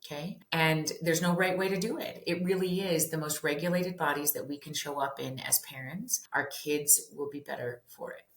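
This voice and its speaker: A woman in her forties with a low voice talks candidly and animatedly about parenting, dropping casual swears. The recording has a roomy echo around her. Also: fairly even intonation, moderate pace, few pauses. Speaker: parenting author and therapist. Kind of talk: candid podcast conversation.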